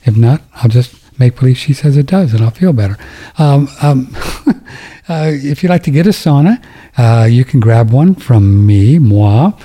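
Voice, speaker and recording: A man's voice: medium pitch, animated, a little slow, mellow, breathy edge. An older man hosting a talk radio show, rambling and joking through his ad reads with many restarts. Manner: rambling, jokey, self-interrupting.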